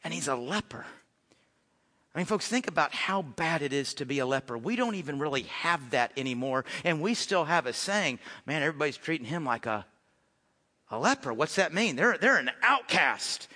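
Male pastor, high bright voice, conversational sermon, long church reverb. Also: big pitch swings, moderate pace. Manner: conversational preaching, swings from loud to hushed.

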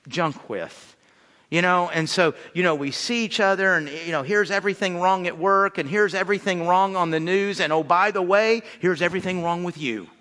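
A man preaching on marriage as a pastor, animated and conversational, acting out little asides as he goes. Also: sits high, in a large hall. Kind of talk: sermon on marriage.

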